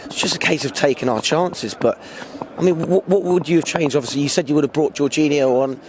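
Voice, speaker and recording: A man hosting a fan channel, calmly chatting with fans outdoors and asking questions. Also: a little high, fairly quick, noisy background. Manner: calm, agreeable, asking questions. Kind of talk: casual fan interview. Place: outdoors on a city street.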